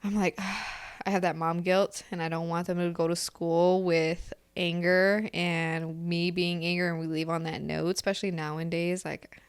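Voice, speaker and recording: A woman's voice: on the low side, level tone, normal speed, clear, resonant tone. Mom in her 30s on a podcast, chatty, keeps laughing thru her stories. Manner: laughs often while telling stories. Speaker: podcast co-host. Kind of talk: casual chat.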